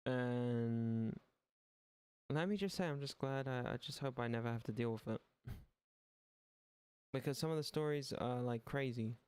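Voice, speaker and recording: A man's voice: mid-range voice, unhurried, pauses often, a little mellow, clear, resonant tone, no room sound. A young Irish man chatting casually on his live stream, rambling, swearing freely and making dry, sarcastic asides. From Ireland. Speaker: livestream gaming host.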